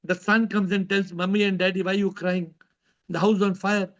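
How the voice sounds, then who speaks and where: A man hosts an online discussion over a video call. His voice sits high and he tells stories with lively, acted-out characters. The call audio is somewhat muffled. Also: a little fast. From India. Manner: animated storytelling, acting out characters. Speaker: host.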